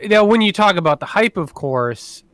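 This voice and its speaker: Man, gaming podcast co-host, measured wry delivery, smooth resonant voice, dry close sound. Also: sits high, animated, fairly bright tone, dry recording. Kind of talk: casual gaming podcast chat.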